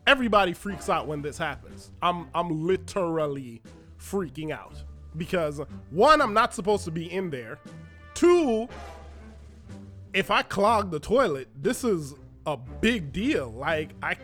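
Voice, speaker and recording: High-voiced, unhurried male storyteller. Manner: animated, self-mocking storytelling with dramatic pauses. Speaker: podcast host. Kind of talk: personal storytelling monologue. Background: faint background music.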